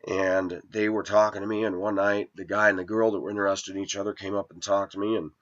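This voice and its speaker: A man's voice: fairly low pitch, little pitch movement, fast talker, a bit bright. A man telling a long personal story in a rambling, aggrieved monologue, his voice rising when he replays arguments. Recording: lo-fi dull sound.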